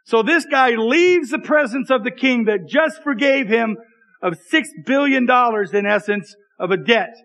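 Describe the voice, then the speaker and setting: A man's voice: extremely high pitch, unhurried, a bit bright, rough recording. A man preaching a sermon as pastor, reading scripture aloud and making joking asides to the congregation in a conversational way.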